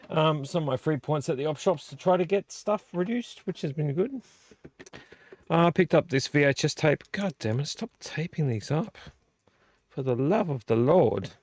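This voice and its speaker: A man's voice: mid-range voice, creaky, dry recording. A man hosting a casual late-night live vlog, rambling about his tape collection with many fillers. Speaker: vlog host. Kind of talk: casual live chat unboxing VHS tapes. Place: small home room.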